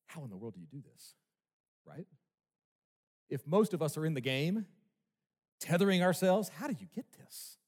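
Male pastor, sermon, emphatic rhetorical questions, lively pitch, large reverberant church. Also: normal speed, long pauses. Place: church sanctuary. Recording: long reverb of a large hall.

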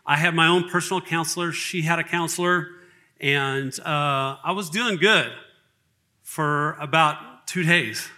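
A middle-aged man sharing a personal testimony in an earnest, halting way, with frequent restarts. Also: a little high, bright, forceful tone. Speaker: church member giving testimony.

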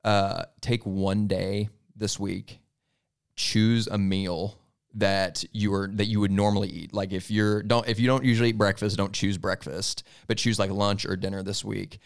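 A man talking casually on a church podcast. His voice sits low with a gravelly, fry-tinged texture. He explains things plainly, in loose everyday phrasing. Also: level tone, unhurried. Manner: casual, practical, uses filler "like". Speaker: podcast co-host.

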